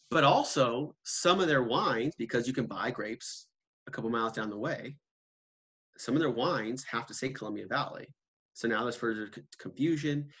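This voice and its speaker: A man's voice: medium pitch, fairly bright tone, slightly rough. A man giving a conversational seminar talk, telling stories with quoted voices and asking rhetorical questions. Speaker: seminar speaker.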